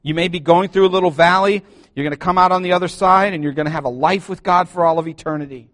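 A man preaching to his church, animated and joking, calling out to the congregation for responses. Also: high voice, quick pace. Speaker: pastor. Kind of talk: sermon. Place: church sanctuary.

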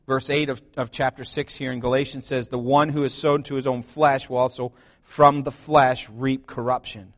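A man preaching to his church, animated and joking, calling out to the congregation for responses. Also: on the high side. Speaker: pastor. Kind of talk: sermon. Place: church sanctuary.

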